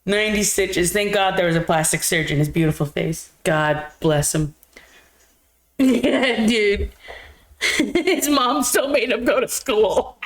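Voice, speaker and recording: A woman's voice: mid-range voice, animated. A married woman co-hosting a live movie stream, chatting casually and joking with frequent laughter. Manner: quick, joking, laughs often. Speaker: podcast co-host. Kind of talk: casual chat.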